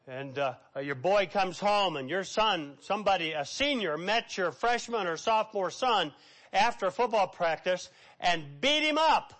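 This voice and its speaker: A middle-aged male pastor preaching a sermon, emphatic, swinging between loud and hushed. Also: high voice, expressive, measured pace.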